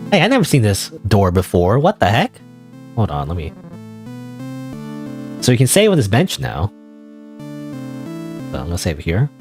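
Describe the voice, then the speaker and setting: A man's voice: on the low side, a little mellow. Chatty male streamer over game music. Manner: chatty, musing, self-correcting. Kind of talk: gameplay commentary. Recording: faint game music behind.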